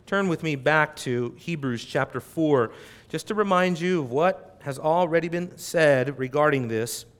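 A middle-aged male preacher delivering an expository sermon, moving from quiet reflection to loud, emphatic exhortation. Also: a little high, unhurried.

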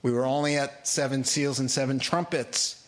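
A man's voice: mid-range voice, normal speed. A man preaching a sermon, telling Bible stories with humor and acting out the voices of the figures in them. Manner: animated storytelling, puts on voices for biblical figures, laughs often. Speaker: pastor.

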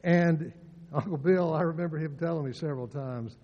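An older man preaching a sermon, telling stories and swinging between soft asides and loud, emphatic lines. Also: on the high side, fairly quick. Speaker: pastor. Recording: dull sound with long hall reverb.

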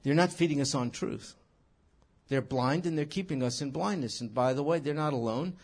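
A man teaching scripture in an animated sermon, emphatic and full of rhetorical questions. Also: on the high side, normal speed. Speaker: Bible teacher.

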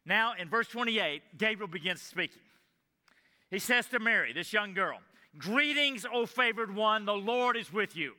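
A man preaching a sermon in a church, earnestly explaining scripture, often repeating phrases and dropping to a hushed tone. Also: high-pitched, long reverb tail. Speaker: pastor.

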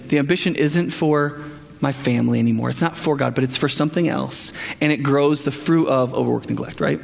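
A male pastor with a high voice preaches in a big hall where his words ring out in a long reverb. He talks casually to the room, checks in with "right?" and slips into the voices of the people he describes. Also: normal speed, creaky. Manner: conversational, keeps asking "right?", acts out quoted people. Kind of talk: sermon.

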